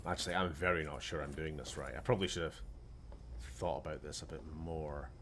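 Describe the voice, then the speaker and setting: Playing a game on stream, this young Scotsman talks casually, mutters to himself and curses quietly with sarcasm. His very deep voice is steady and fairly bright, coming fairly quickly, with a little hiss or hum behind it.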